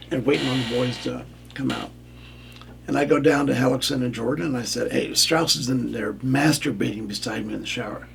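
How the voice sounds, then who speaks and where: A man's voice: medium pitch, gravelly, slight background noise. An older man, a former referee, telling a candid story on a radio show in a plainspoken way and acting out what others said. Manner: plainspoken, acts out quoted lines.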